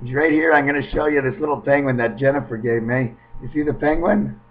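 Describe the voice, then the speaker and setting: A man rambling in a free-associating monologue at home, swinging between murmurs and loud outbursts. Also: medium pitch, fairly quick, a little hiss or hum. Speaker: webcam vlogger. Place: at home, indoors. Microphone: webcam. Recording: muffled webcam audio.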